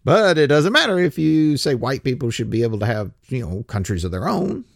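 A man's voice: medium pitch, big pitch swings, brisk, creaky, no room sound, studio quality. A man delivering a sarcastic, mocking opinion monologue as a political commentator.

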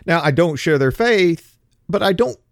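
A man's voice: sits high, lively intonation, measured pace, gravelly, no echo, studio quality. A man giving a heated, emphatic opinion monologue, stumbling on repeated words when worked up. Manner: heated, emphatic, with mocking impressions of others; repetitive restarts when worked up. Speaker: commentator.

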